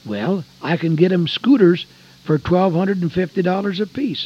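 An older man delivers a folksy radio sermon in a husky, slightly raised voice that leaps up and drops low with emphasis. He moves between loud, pressing phrases and quiet, hushed ones. The recording is dull and lo-fi, like old radio. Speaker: radio preacher.

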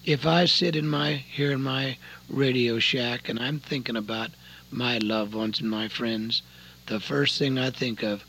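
A man's voice: medium pitch, fairly even intonation, a little slow, vocal fry, pushed and bright, husky, rough recording. An older man preaching a folksy radio sermon from his home radio room, pleading with listeners and telling personal stories.

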